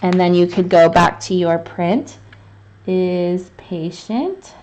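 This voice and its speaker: A woman's voice: on the low side, flat delivery, normal speed, a little mellow. A woman teaching calligraphy in a live online lesson, chatty and thinking aloud as she writes, with many fillers and restarts. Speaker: calligraphy instructor. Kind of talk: live online lesson, demonstrating while writing.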